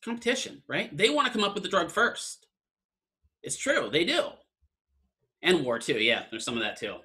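Bright-voiced man lecturing casually. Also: fairly high pitch, animated, moderate pace. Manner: conversational, keeps asking "right?". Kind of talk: online class lecture.

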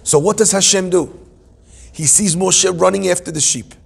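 A man leading a Torah class, playful and self-deprecating, and often wandering into musing asides. His voice is gravelly and husky, pitched slightly above the usual male range. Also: moderate pace. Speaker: Torah teacher.

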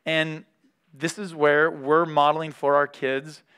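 A man's voice: a little high, little pitch movement, measured pace, pushed and bright, smooth. A man giving a conversational Bible teaching, reading scripture aloud and stopping to comment candidly. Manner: candid, reads scripture aloud between remarks.

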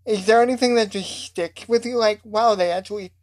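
A woman's voice: medium pitch, fairly quick, a little mellow. A woman interviewing guests, asking thoughtful questions with many fillers.

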